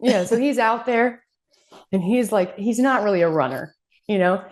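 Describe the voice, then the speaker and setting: A woman co-hosting a casual podcast, telling stories with lively quoted voices and frequent laughter. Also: mid-range voice, moderate pace, a little hiss or hum. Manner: animated storytelling, acting out quoted voices and laughing. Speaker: podcast co-host. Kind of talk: casual chat.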